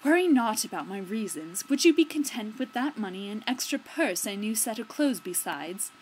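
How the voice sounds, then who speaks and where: A woman voicing a male outlaw hero, bold and gallant, reading his lines slowly and deliberately. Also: medium pitch, very animated, a little mellow, slight background noise, lightly acted, rough recording. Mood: bargaining.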